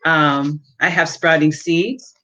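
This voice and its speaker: A woman author reading excerpts from her own novel at a measured pace, with a few fillers in between, heard through dull lo-fi audio. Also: sits low, fairly even intonation, pushed and bright.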